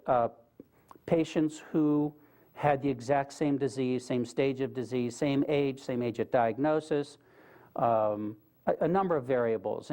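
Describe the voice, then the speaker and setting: A mellow, rather high-voiced guest speaker gives a storytelling lecture to a live audience in a lecture room. He comes across as earnest and conversational and puts questions to his listeners.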